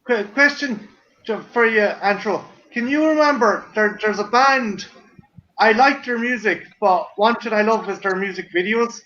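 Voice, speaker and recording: High-voiced man on a dull video call. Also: normal speed, bright, forceful tone. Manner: swears casually, stumbles and repeats words. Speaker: guest on a video call chat. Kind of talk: casual group chat on a video call.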